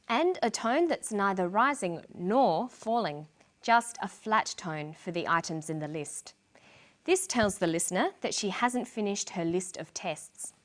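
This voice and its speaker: A middle-aged woman explains points of English to learners in a scripted lesson. She speaks clearly and deliberately. Her intonation moves lively up and down. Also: medium pitch. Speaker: English teacher presenter. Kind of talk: scripted educational narration.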